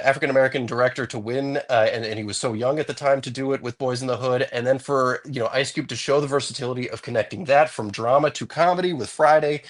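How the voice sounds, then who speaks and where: A man in a casual chat, measured and thoughtful, making long run-on points. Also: medium pitch. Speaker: co-host.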